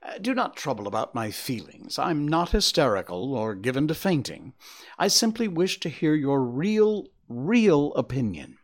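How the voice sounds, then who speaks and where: A man's voice: mid-range voice, sing-song, a little slow. A man voicing an anxious, earnest Victorian wife who presses for plain answers, read as an audiobook.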